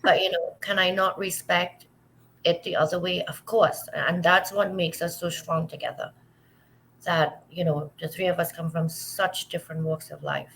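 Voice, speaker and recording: A woman co-hosting a live talk show, who talks in a warm, effusive and gushing way. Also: lowish voice, fairly even intonation, moderate pace, vocal fry, slight background noise, rough recording. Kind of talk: casual live show chat.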